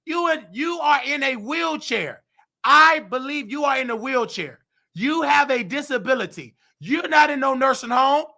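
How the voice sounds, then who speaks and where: A man who is losing his voice, hosting his show with heated, indignant commentary and bursts of shouting. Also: extremely high pitch, expressive, normal speed, vocal fry. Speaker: nursing aide and show host. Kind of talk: ranting commentary.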